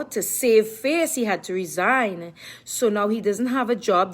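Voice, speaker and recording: A middle-aged woman talking casually to her viewers in an emphatic, repetitive way, often speaking of herself in the third person. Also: medium pitch. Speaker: live-stream vlogger.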